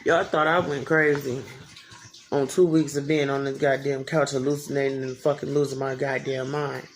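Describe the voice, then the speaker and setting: This is a vlogger in their thirties recounting a story straight to camera, loose and casual. The voice carries a rough, creaky fry. They swear constantly and lean on repetition to drive a point home. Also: medium pitch, level tone, moderate pace, a little hiss or hum. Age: 30s. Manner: profane, emphatic, repeats phrases for effect.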